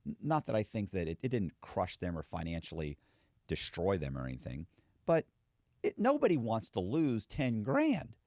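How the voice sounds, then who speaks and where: A man's voice: lowish voice, huge pitch swings, moderate pace, darkish tone, no echo, clean studio sound. A man, a former con man, talking candidly in a casual podcast conversation and acting out quoted voices.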